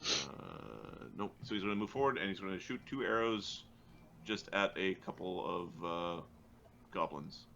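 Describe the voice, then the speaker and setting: Laughing gamer man with gravelly voice. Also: low voice, animated, sharp tone, dull audio, a little hiss or hum. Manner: laughs often, halting with fillers. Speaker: player. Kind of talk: casual tabletop game play.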